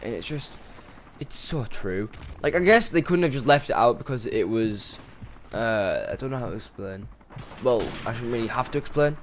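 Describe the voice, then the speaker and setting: A man's voice: medium pitch, expressive, normal speed, slight background noise. A young man ranting casually over gameplay, swearing and exasperated with sudden outbursts. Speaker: gaming commentator. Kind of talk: casual gameplay commentary rant.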